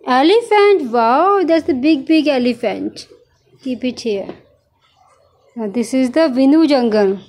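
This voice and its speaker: A woman's voice: sits high, expressive, darkish tone. A young mother patiently teaching her toddler animal names, praising and prompting with questions. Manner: slow, coaxing, praising, asks prompting questions.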